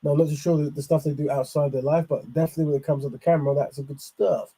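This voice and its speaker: A man's voice: a little high, fairly even intonation, very fast, breathy edge, rough recording. A man hosting, commenting on clips in a loose, rambling way with lots of fillers. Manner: loose, rambling, with many fillers and shout-outs. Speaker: host.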